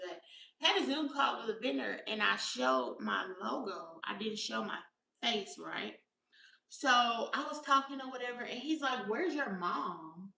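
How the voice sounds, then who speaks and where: A woman's voice: a little high, creaky, pushed and bright, echoey room, far from the mic. A woman in her thirties from Alabama with a Southern accent and a youthful-sounding voice, rambling through casual stories to her viewers. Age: 30s. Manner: chatty, rambling storytelling. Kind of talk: casual vlog chat.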